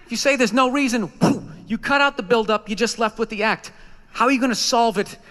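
Speaking in an extremely high, slightly bright voice at a fairly quick clip, this stand-up comic rants and swears before a club audience. He acts out quotes, doing voices for the people in his stories.

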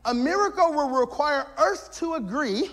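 A man pastor preaching a lively sermon, shouting his key points and mixing in jokes. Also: extremely high pitch, moderate pace. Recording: long hall reverb.

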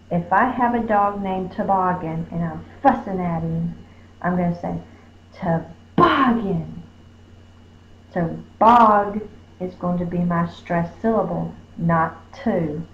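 A woman teaching spelling, sounding out words slowly and stretching each syllable. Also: fairly low pitch. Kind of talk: slow phonics lesson. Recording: roomy dull recording with faint hum.

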